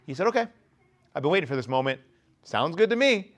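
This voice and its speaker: A man in his forties preaching a lively youth sermon, acting out the people in his stories in different voices. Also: a little high, quick pace. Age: 40s. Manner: animated, acts out quotes in different voices. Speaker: youth pastor.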